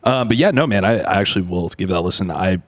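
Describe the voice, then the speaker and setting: A man hosting a podcast at a studio table, relaxed and agreeable as he introduces topics. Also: sits low, fast talker. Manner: relaxed, agreeable, lots of yeahs. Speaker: podcast host.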